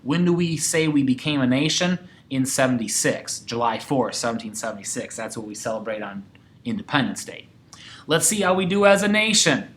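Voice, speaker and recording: A man's voice: mid-range voice, brisk. A man teaching a sixth-grade history lesson, talking to his class and acting out quoted voices. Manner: animated, acts out quoted voices.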